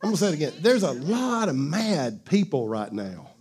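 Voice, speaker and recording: A male pastor with a notably high voice preaches in an easy, conversational way. He chuckles often and keeps prompting the congregation to answer back. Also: big pitch swings, normal speed, darkish tone, husky. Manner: conversational, laughing, call-and-response with the congregation. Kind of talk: sermon.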